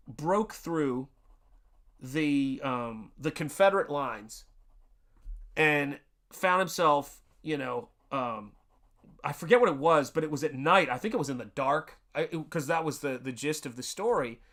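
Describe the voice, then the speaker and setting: A man's voice: fairly high pitch, fairly bright tone. A man from Tennessee chatting casually on a live art stream, rambling through a story and greeting viewers in the chat. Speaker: livestreaming artist.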